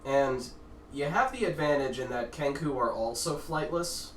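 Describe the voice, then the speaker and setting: A game master narrating a tabletop game, unhurried and quick to laugh. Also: medium pitch, expressive, roomy sound, distant mic, a little hiss or hum.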